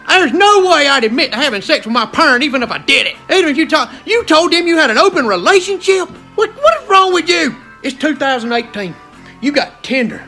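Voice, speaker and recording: A man's voice: very high-pitched, big pitch swings, brisk, sharp tone, soft background music. A male comedian with a South Carolina accent doing a stand-up rant in an exasperated, rowdy drawl.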